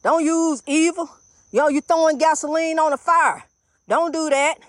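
A woman's voice: high voice, steady tone, normal speed, no room sound. An older woman minister preaching fervently, repeating herself and calling her listeners honey. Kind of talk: inspirational preaching monologue.

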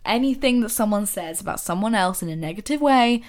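A woman talks straight to her listeners in a casual, motivational podcast monologue. She fires off rhetorical questions with rising energy, then drops into soft, quiet asides. Her pitch sits in a middle range. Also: animated, fairly quick. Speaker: podcast host.

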